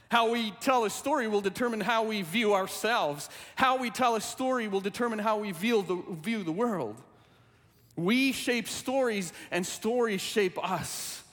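A man preaching a sermon in a church, speaking earnestly and deliberately, repeating his key phrases. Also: high-pitched, a bit bright, long reverb tail. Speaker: pastor.

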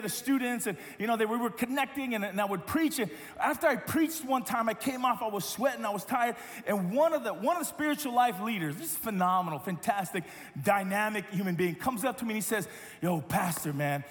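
High-voiced male pastor preaching in a hall. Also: fairly quick. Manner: storytelling with lively quoted voices and repetitions. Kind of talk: sermon.

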